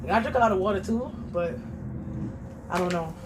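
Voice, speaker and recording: A woman's voice: medium pitch, lively intonation, fairly quick. Young adult woman, casual home vlogger, chatty and loose, faint background noise. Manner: chatty, scolding her daughter, reads viewer comments aloud. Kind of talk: casual chat.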